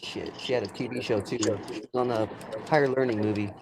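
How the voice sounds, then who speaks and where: A man's voice: lowish voice, steady tone, fairly quick, gravelly, background noise. A man in a casual livestream chat, talking loosely with slang like "dude". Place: livestream call.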